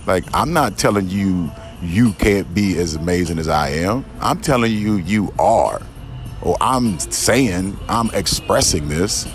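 A man's voice: sits low, animated, unhurried, faint music behind. Profane, rambling man preaching outdoors. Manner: profane, emphatic, repeats himself, frequent restarts. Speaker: podcast host. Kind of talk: rambling spiritual monologue. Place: outdoors in a garden.

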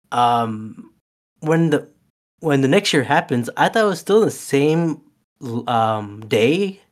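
A man casually recapping a movie with a co-host, rambling with many fillers and restarts. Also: mid-range voice. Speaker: podcast co-host. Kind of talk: casual movie rewatch chat.

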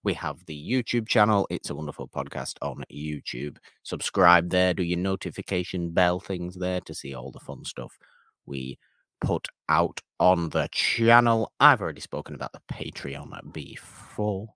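Low-voiced playful male podcast host. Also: animated, normal speed, pushed and bright, no room sound, clean studio sound. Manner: playful, teasing. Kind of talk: casual podcast outro chat.

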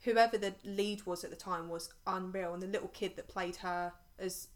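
A woman's voice: fairly low pitch, steady tone, normal speed. Enthusiastic young woman. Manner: chatty, enthusiastic. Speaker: guest. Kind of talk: casual chat.

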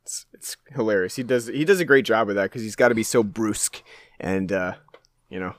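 A man discussing a film in casual talk, rambling with many fillers and restarts in a relaxed way. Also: lowish voice, brisk, no echo. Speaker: podcast co-host.

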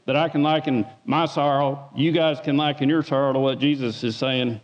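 A man's voice: medium pitch, fairly even intonation, normal speed. A man giving an informal sermon as a lay preacher, folksy, repeating words and asking the room for an amen. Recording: dull sound with long hall reverb.

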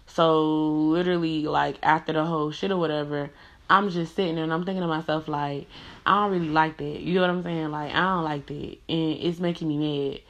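Low-voiced woman telling a blunt story. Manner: blunt and profane, full of "like" and "you know". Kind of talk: casual storytime monologue.

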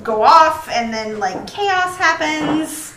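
A woman co-hosting a podcast, chatting and recapping a movie in an animated way, swearing freely. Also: sits high, slow pace, echoey room, noisy background. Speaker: podcast co-host. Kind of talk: casual movie recap chat.

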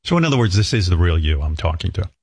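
A man hosting a comedic interview, teasing his guest with deadpan jokes and slow, deliberate phrasing. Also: sits low, breathy edge. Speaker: talk show host.

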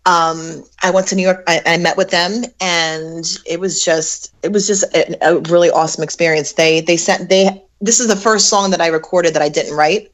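Chatty middle-aged woman, lowish voice. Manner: chatty, laughs easily, many restarts and fillers. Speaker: guest recording artist. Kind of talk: casual interview chat.

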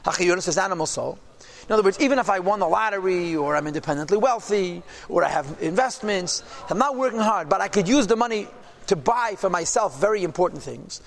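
High-voiced man teaching a Talmudic text. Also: lively intonation, fairly quick, creaky. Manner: reads Hebrew text then translates line by line; explanatory, emphatic. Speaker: Torah teacher.

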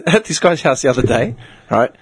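A man co-hosting a podcast in casual chat, animated and joking, often laughing and swearing. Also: mid-range voice, breathy edge, no room sound. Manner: animated, laughing, swearing, quick jokey asides. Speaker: podcast co-host.

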